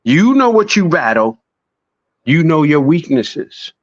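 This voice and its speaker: A man in a casual podcast chat, swearing freely and preaching with animated storytelling. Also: on the high side, slow pace, no echo, lo-fi sound.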